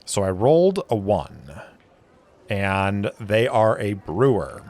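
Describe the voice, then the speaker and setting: A man's voice: fairly low pitch, big pitch swings, slow, a little mellow. A man narrating a solo tabletop game as game master, thinking aloud as he rolls.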